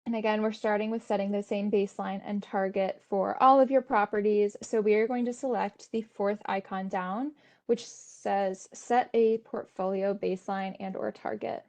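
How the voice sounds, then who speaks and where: Woman, webinar presenter walking viewers through a tool; steady, explanatory, mid pitch, casual fillers. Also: normal speed. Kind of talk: instructional webinar walkthrough.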